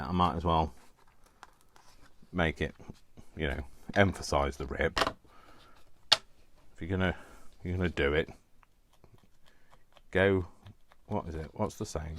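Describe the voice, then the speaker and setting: A low, deep-voiced man with a Coventry accent chats his way through a crafting session. He rambles into asides and mocks himself good-naturedly, like he's talking to a friend across the table. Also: a bit bright, a little hiss or hum. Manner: chatty, self-mocking, rambling asides. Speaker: craft vlogger. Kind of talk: casual chat while crafting.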